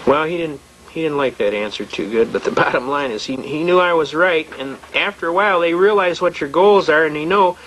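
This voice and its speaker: Over poor audio with a faint hiss or hum, a man with a slightly high, fairly bright voice talks fairly quickly. He's a seminar speaker giving a folksy, blunt lecture on representing yourself in court, telling stories and often restarting and repeating himself.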